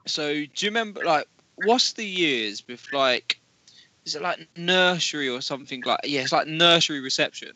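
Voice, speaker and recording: Guy, casual storyteller, very bright tone, dry close sound, lively pitch. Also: moderate pace, no echo, low-quality recording. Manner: laughing, swearing, rambling anecdotes.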